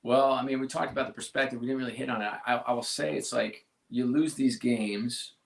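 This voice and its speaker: A middle-aged man speaking candidly as an interview guest, earnest and halting, often restarting his sentences. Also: mid-range voice, steady tone, vocal fry, reverberant. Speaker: sports team executive, guest.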